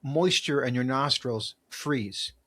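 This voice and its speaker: A man's voice: medium pitch, slow pace, fairly bright tone. A man, hosting an interview, cutting in eagerly and explaining things vividly. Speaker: podcast host. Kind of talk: casual interview.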